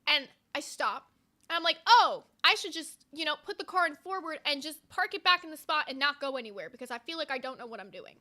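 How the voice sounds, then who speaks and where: A young woman co-hosting a casual podcast, telling a story in an animated, profane way with lots of "like". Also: sits high, a little fast. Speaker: podcast co-host.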